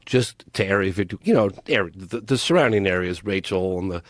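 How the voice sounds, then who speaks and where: A man's voice: sits low, fairly quick, no echo, clean studio sound. A man telling a long story as a guest on a casual podcast. He talks emphatically and animatedly, with many restarts. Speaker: podcast guest, documentary filmmaker.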